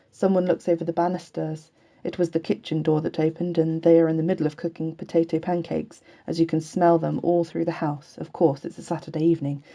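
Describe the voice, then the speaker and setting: Woman audiobook reader, low mellow voice, earnest even novel reading. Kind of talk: novel read aloud.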